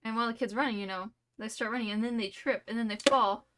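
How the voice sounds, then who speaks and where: A woman's voice: on the high side, fairly even intonation, fast, noisy background. Rambling playful young woman streamer. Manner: rambling, playful, full of "like" and "you know". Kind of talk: rambling made-up story while live streaming.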